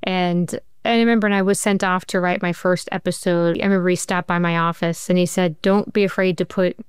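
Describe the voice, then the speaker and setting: Clear-voiced woman telling lively stories. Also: lowish voice, fairly quick, no echo, clean studio sound. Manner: animated storyteller, acts out quoted dialogue, many "like"s. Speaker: TV writer and showrunner guest. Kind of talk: interview answers, storytelling.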